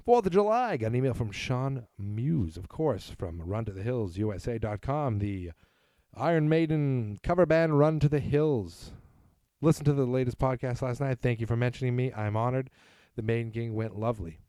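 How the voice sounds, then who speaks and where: A man's voice: mid-range voice, expressive, normal speed, dark tone, dry recording, studio quality. A man from New England hosting a casual solo podcast, reading listener emails aloud and rambling with self-deprecating asides. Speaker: podcast host.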